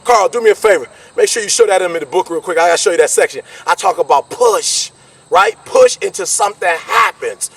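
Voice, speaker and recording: A man giving an energetic motivational speech, repeating his points and pushing the listener hard. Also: sits high, fairly quick, creaky, breathy edge, far from the mic. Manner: energetic, preachy, repetitive call-and-response. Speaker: motivational speaker.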